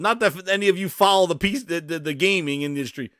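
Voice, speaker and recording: Excitable, foul-mouthed male stream host. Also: high-pitched, fast, hardly any pauses, dry recording, clean studio sound. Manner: profane, excitable, laughing a lot. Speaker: gaming show host. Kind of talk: casual livestream chat.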